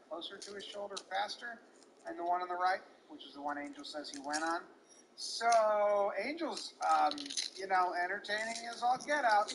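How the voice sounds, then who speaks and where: A man's voice: sits high, background noise. A man giving casual, heated play-by-play of a baseball game, swearing and mocking an umpire. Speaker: baseball commentator.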